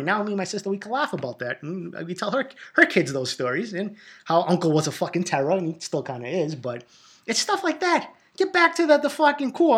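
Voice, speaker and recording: A man's voice: high-pitched, a bit bright. Male podcast host, 30s, solo monologue, profane and rambling, subdued and a bit depressed. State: low, borderline depressed mood.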